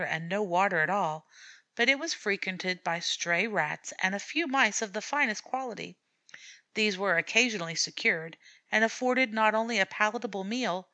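A woman narrating a storybook in a measured, expressive reading voice. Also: mid-range voice, no room sound. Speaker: audiobook narrator.

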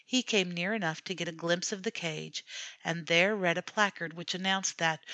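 A woman reading a classic story aloud as an audiobook narrator, in a measured, steady way. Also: fairly low pitch, no room sound.

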